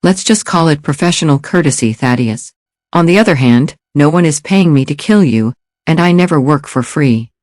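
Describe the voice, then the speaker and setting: A man voicing a calm, lethal male government enforcer, measured and commanding. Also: a little high, dry recording, clean studio sound, lightly acted.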